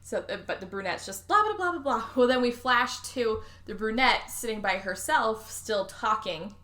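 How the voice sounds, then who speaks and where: A woman hosting a podcast, recapping a movie in casual chat, animated and swearing, acting out the characters' lines. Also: on the high side, normal speed. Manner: animated, swearing, acts out quotes. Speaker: podcast host.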